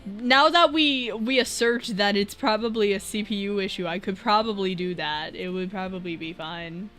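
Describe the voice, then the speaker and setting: A woman streaming as a VTuber, chatting casually and reading viewer messages, rambling and breaking into loud laughs. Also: mid-range voice, moderate pace, soft background music.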